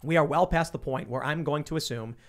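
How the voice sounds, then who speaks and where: A man's voice: fairly high pitch, brisk. A man hosting a political panel talk show, speaking in an emphatic, sarcastic way. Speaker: show host.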